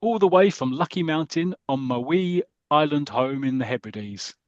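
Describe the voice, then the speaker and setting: A man's voice: on the high side, lively intonation, normal speed, no echo, highs cut off, lightly acted. A man doing a hearty Scottish Santa dad. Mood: cheery. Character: jolly older Scottish man dressed as Father Christmas.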